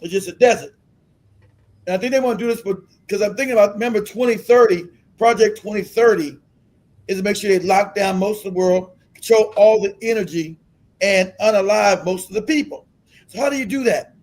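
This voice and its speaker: Streamer host, man, high voice, profane combative rant. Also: brisk. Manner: profane, combative ranting, shouts at times. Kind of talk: ranting live-stream commentary.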